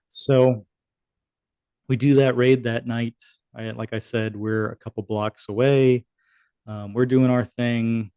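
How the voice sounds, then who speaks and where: A man's voice: medium pitch, flat delivery, slow pace, long pauses, dark tone, clear, resonant tone, no echo. A man in his thirties, a military veteran guest on a podcast, telling a war story in a casual, profane way. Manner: casual, profane, acts out quoted dialogue. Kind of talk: conversational storytelling.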